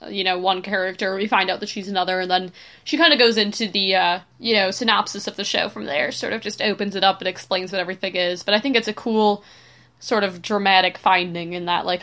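A woman in a casual podcast chat, talking in a relaxed way and thinking aloud. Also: mid-range voice, brisk.

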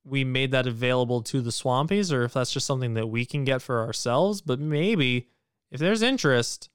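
A man's voice: medium pitch, expressive, normal speed, smooth, dry recording, clean studio sound. A man co-hosting a podcast in casual chat, joking and profane. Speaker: podcast co-host.

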